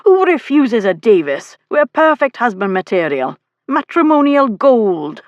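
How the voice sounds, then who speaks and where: A woman's voice: mid-range voice, animated, moderate pace, vocal fry, dry recording, lo-fi sound, pitched above the performer's own voice. A woman voicing a brash, teasing young nobleman in an audiobook, mocking and boastful. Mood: indignant. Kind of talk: audiobook character voice.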